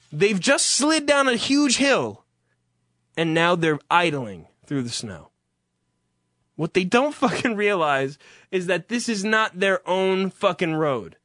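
A man's voice: high voice, pushed and bright, no room sound, studio quality. A man delivering an exasperated, profane comic rant, swearing heavily as he goes.

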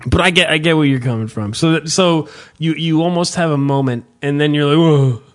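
A man's voice: a little high, fairly quick. A man in his thirties, a podcast host in casual profane chat, mock-ranting. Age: 30s. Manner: animated, swearing, mock-ranting.

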